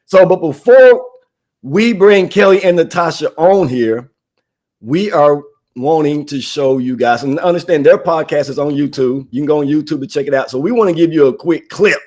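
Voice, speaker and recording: A man's voice: fairly high pitch, expressive, moderate pace, a little mellow. A man hosting a live online show, casual and upbeat, often restarting and saying "man". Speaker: livestream host.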